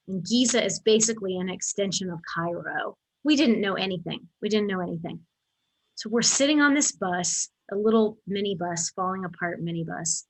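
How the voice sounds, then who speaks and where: A woman's voice: mid-range voice, rough recording. A woman in her forties telling a travel memory in a casual, emotional way, often restarting her sentences. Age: 40s. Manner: excited, emotional storytelling with many restarts. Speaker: guest sharing a story. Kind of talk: casual spoken recollection.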